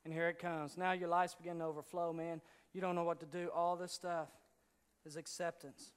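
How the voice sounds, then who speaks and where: A man preaching to teenagers, firing rhetorical questions at them and swinging from hushed intensity to shouted urgency. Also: on the high side, little pitch movement, a little fast, smooth, in a large hall. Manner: rhetorical questions, direct address to teens. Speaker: youth pastor. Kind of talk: sermon.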